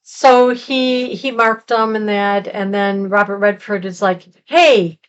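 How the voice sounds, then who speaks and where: A woman's voice: medium pitch, level tone, a little slow, clear, resonant tone, muffled recording. A woman co-hosting a casual movie review chat, recapping the plot in a rambling way with lots of fillers. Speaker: podcast co-host.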